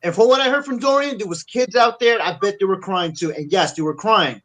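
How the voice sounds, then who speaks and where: A middle-aged man with a fairly high voice rants on a wrestling podcast. He is furious and profane, and he stacks up insults as he vents. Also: brisk, fairly bright tone, poor audio. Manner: angry, profane ranting. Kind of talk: casual angry rant.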